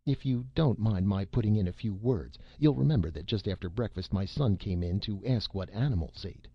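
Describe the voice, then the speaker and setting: A man voicing a composed, clipped scientist father who speaks briskly. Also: fairly low pitch, breathy edge, dry recording, dull audio. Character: cool, dry scientist father.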